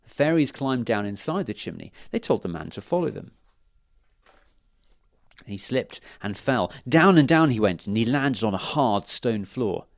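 Male storyteller for children's fairy tales, animated voice, dry close sound. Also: mid-range voice, a little slow, vocal fry, no room sound. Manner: lively, expressive storytelling.

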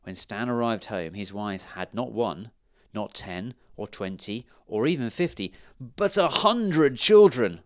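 A man reading a children's storybook aloud in an expressive, animated way. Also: lowish voice, a little slow, dry recording, clean studio sound. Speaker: reader.

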